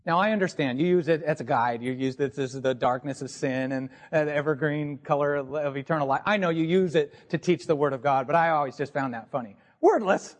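A male pastor delivers a sermon in his church, speaking in a slightly high voice. He teaches in an earnest way and keeps posing rhetorical questions to the congregation. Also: brisk, few pauses. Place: church sanctuary.

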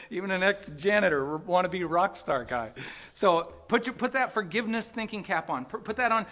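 A man preaching a sermon in a casual, emphatic way, driving his points home again and again. His voice is bright and sits a bit high for a man. He talks to the congregation directly, breaking off for quick asides. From California. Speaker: pastor.

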